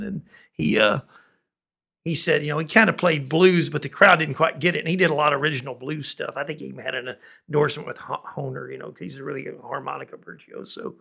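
A man's voice: fairly high pitch, creaky, fairly bright tone, husky. A man, a musician guest in a studio, telling rambling stories and laughing often. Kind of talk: storytelling in a relaxed conversation. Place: recording studio.

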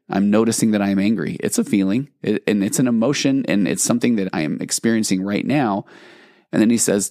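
A man's voice: lowish voice, fast, dark tone, no room sound, studio quality. A man hosting a solo podcast in a casual, reflective way, explaining ideas and acting out inner thoughts. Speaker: podcast host.

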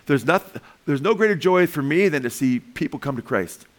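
A man preaching a lively sermon with touches of humor, often asking the congregation "Amen?". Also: fairly high pitch, moderate pace. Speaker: pastor.

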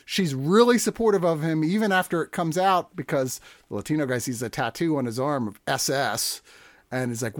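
A man hosting a casual movie review podcast, rambling and animated, swearing freely. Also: fairly high pitch, fairly quick, no echo. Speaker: podcast host.

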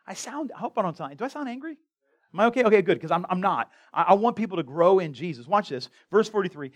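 High-voiced man preaching casually. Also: sing-song, fast talker. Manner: conversational preaching, stammering restarts, jokes with the congregation. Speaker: pastor. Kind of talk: sermon. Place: church sanctuary.

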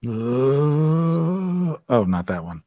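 Deadpan man with lively voice. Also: a little high, extremely slow, dry recording. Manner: dry, deadpan one-liners. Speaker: podcast co-host. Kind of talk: casual podcast chat.

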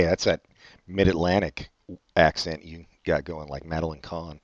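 A man co-hosting a casual podcast chat, sarcastic and teasing, often trailing off quietly. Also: extremely low pitch, steady tone, moderate pace, no echo. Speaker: podcast co-host. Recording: dull lo-fi audio.

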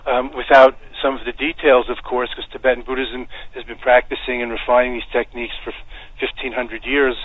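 An American man, a Buddhist teacher, giving calm, meandering interview answers and leading a guided meditation. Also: medium pitch, breathy edge, no room sound. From United States. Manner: calm, unhurried, meandering with soft fillers. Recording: tinny phone-like line, dry.

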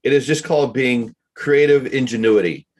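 A man's voice: medium pitch, normal speed, a little mellow. A man co-hosting a casual chat, chummy and encouraging, egging his partner on. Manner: chummy, encouraging, laughs along. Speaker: podcast co-host, coach.

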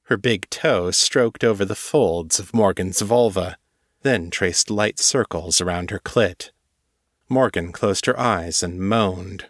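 A man with a lowish voice reads fiction aloud at a steady, measured pace, in the manner of an audiobook. The sound is dry and close to the mic. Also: dry recording. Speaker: narrator and author. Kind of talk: audiobook-style fiction reading.

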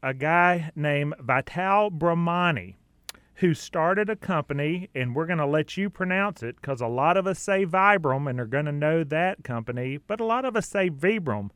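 Chatty radio host, slightly high. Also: male voice, animated, moderate pace, a bit bright, clean tone, no room sound. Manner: chatty, laughs easily, some fillers. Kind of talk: casual radio talk show.

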